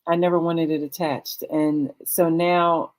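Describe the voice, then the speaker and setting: Candid guest: middle-aged woman, low voice, earnest, filler-heavy. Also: little pitch movement, a little slow, a little mellow. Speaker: guest, cancer survivor. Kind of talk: candid talk-show conversation.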